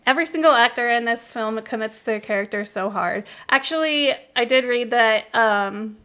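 A young woman hosting a casual film podcast, talking fast and excitably and often breaking into laughter. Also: a little high. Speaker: podcast host. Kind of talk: casual film-recap chat.

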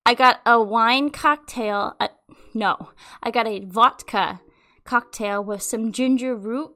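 A young adult woman hosting a podcast, telling a rambling, animated story in casual chat and swearing freely. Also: a little high, slow pace. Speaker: podcast host.

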